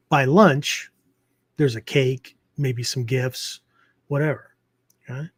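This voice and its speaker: A man's voice: mid-range voice, steady tone, slow pace, pauses often, slightly rough, no room sound. A man hosting a martial arts podcast, explaining ideas in a loose, rambling way with many fillers and frequent "okay?" check-ins. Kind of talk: casual teaching talk.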